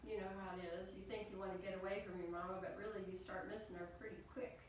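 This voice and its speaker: A woman telling a folk tale aloud in an animated way, with playful asides to her listeners. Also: mid-range voice, fast. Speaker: storyteller. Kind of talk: folk tale storytelling to an audience. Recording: echoey room, voice from far off, faint noise.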